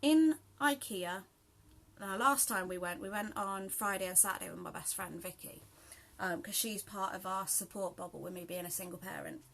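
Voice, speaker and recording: A woman's voice: medium pitch, normal speed, creaky, fairly bright tone, slight background noise. A British woman chatting casually in a rambling way while she sews, with lots of ums and laughs. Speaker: sewing vlogger. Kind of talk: casual chat while sewing.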